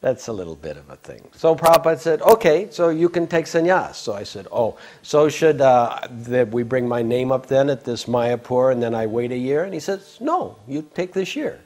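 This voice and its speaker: Older man, average pitch, loose anecdotal storytelling, rambling with stammers. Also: expressive, moderate pace, hardly any pauses, darkish tone. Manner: rambling, self-interrupting, with laughs and stammers. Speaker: devotee recalling memories. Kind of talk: casual storytelling.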